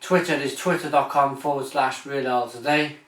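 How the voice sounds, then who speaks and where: A man's voice: mid-range voice, steady tone, normal speed, fairly bright tone. A British man hosting a casual beer review vlog, talking with enthusiasm, rambling and restarting his sentences often. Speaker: beer reviewer, channel host. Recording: echoey room, mic at a distance.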